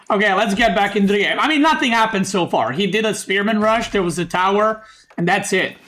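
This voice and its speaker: Streamer, male, high voice, banter-heavy casting with keyboard clacks behind. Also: a little fast, bright, forceful tone. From Serbia. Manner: joking, bickering with chat, swears. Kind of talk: casual stream commentary.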